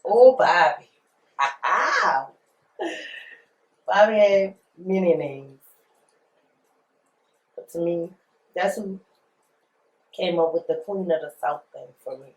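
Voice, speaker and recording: Speaking slowly and pausing often, a woman with a fairly low voice sounds animated as she tells her story in an interview. The rapper, from New Orleans, USA, is blunt and emphatic, repeats phrases, and uses slang, and the recording has a roomy echo.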